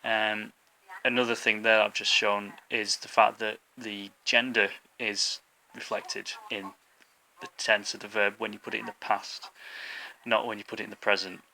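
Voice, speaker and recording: A man from England talks through language tips in a relaxed, informal way, often pausing on ums and restarting his sentences. His voice sits low with a gravelly fry and a bright, forceful edge. Faint noise hums in the background. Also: low-quality recording. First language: English. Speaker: language teacher. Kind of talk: casual explanatory lesson.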